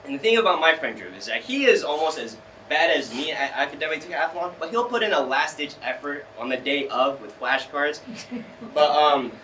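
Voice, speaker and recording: A young man from California telling a story live on stage, animated and self-mocking, acting out the people he quotes. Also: a little high, moderate pace, slight background noise. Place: small theater stage. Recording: roomy theater sound from a distance.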